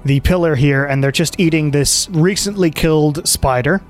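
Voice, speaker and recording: A male game master describes the scene in a loose, halting way, leaning on fillers. His voice sits a little high, and faint music plays behind him. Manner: relaxed, halting narration with many fillers. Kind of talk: narrating a tabletop game.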